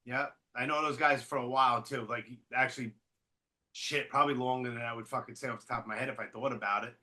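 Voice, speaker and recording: A male podcast host in casual chat, laid-back and profane, often chiming in with quick agreement. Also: medium pitch, fairly even intonation, sharp tone.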